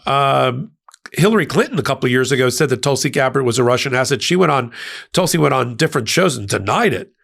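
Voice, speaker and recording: A man's voice: creaky, fairly bright tone. A man hosting a political commentary channel, speaking emphatically and scornfully in a monologue. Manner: emphatic, scornful, sweeping pitch jumps. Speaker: host of a legal-political channel.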